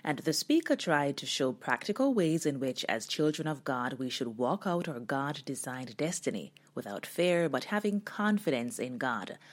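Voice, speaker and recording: A woman's voice: extremely low pitch, sing-song, normal speed, few pauses. A woman hosting a devotional talk, delivering her message with dramatic storytelling. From Jamaica. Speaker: host. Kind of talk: devotional sermon.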